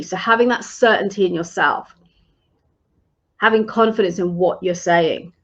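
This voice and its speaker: A female leadership coach addresses her live-stream viewers in an encouraging, conversational manner with a mid-pitched voice, frequently restarting her phrases. The stream audio sounds slightly dull and lo-fi.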